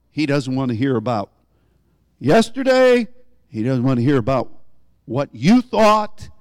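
A man preaching a conversational sermon, often rising in pitch for emphasis as he explains a scripture. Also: darkish tone, no room sound, studio quality.

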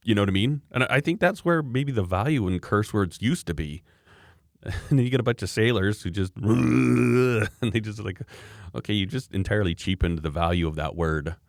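Deep-voiced rambling male storyteller. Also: animated, brisk, dry recording, studio quality. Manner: rambling storyteller, frequent restarts and laughs. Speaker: podcast co-host. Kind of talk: casual chat.

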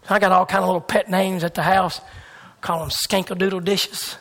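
A man delivering a sermon in a high, bright voice. He drives his points home through repeated phrases. He swings between loud, fervent bursts and near-whispered hushes. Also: fairly even intonation, brisk, creaky. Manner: repetitive, emphatic preaching cadence. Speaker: preacher.

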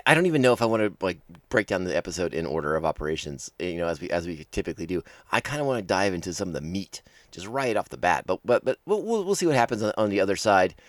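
A man's voice: fairly low pitch, no echo, studio quality. A man hosting a casual show episode breakdown podcast, talking enthusiastically and rambling with many restarts. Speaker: podcast host.

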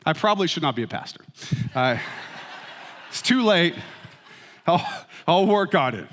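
A middle-aged man preaching a sermon as pastor, with humorous, animated storytelling. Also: on the high side, normal speed, slight background noise. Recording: reverberant hall.

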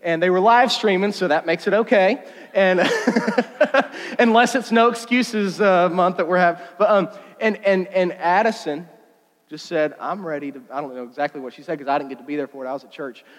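Male pastor, middle-aged, high-pitched, lively storyteller; sermon in a long-reverb church. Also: normal speed. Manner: storytelling, animated, self-interrupting with fillers. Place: church sanctuary.

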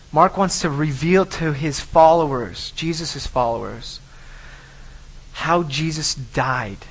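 A man's voice: medium pitch, a bit bright, poor audio. A man preaching a sermon, emphatic, often repeating and restarting phrases. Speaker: pastor.

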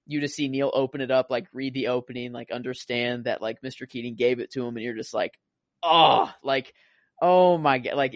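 A man's voice: medium pitch, no room sound, studio quality. A young man chatting casually about a film, rambling and full of fillers.

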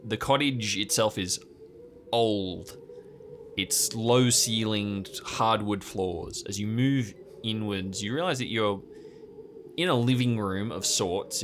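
Deep-voiced man narrating a tabletop game. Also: a bit bright, slight background noise. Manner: slow, descriptive scene-setting. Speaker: game master.

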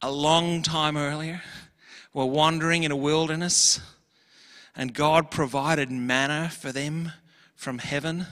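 Pastor guy preaching, bright higher voice, earnest and emphatic, church hall echo. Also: steady tone, slow pace. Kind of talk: sermon.

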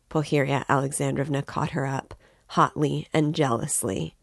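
A woman reading a classic novel aloud in an even, measured narration. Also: very deep voice, creaky, dry recording, clean studio sound. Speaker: reader.

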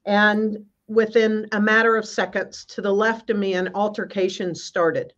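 A woman's voice: medium pitch, level tone. Earnest woman minister telling her story. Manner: earnest, halting, with many restarts. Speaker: guest minister. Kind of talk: personal spiritual storytelling. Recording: slightly muffled.

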